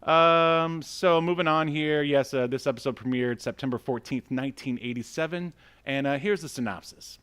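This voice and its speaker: A man's voice: medium pitch, moderate pace, fairly bright tone, clear, resonant tone. A man hosting a casual podcast, rambling with many fillers and laughing often as he reads credits aloud. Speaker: podcast host.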